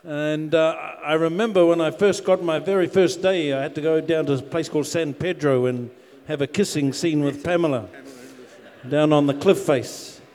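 A man from New Zealand, an actor, telling easygoing stories on a panel with many pauses and fillers. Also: on the high side. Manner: relaxed storyteller, self-deprecating, lots of uh and um. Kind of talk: panel Q&A answers. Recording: long hall reverb.

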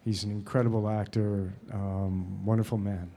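Halting man telling stories at a Q&A. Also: lowish voice, little pitch movement, warm tone, a little hiss or hum. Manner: halting, with many fillers and restarts, laughing often. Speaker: actor and guest at a Q&A. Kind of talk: anecdotal Q&A talk.

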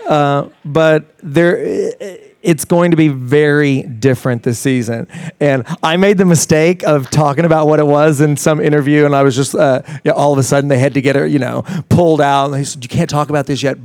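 A man's voice: a little high, a little mellow, clean tone, no room sound. A man talking at a live interview, enthusiastic and rambling, with frequent restarts and fillers. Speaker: fitness trainer guest. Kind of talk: casual interview talk.

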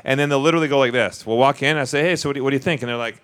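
A man co-hosting a live panel, telling stories in a joking, animated way. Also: a little high, very fast, hardly any pauses. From Canada. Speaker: co-host on stage. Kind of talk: casual panel chat.

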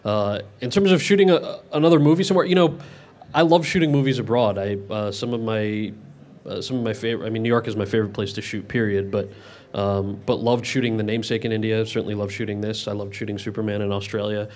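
A thirtysomething man answers questions from the audience at a Q&A, speaking fast in a lowish, steady, slightly mellow voice. His answers ramble, with frequent self-corrections and restarts, and there's slight background noise.

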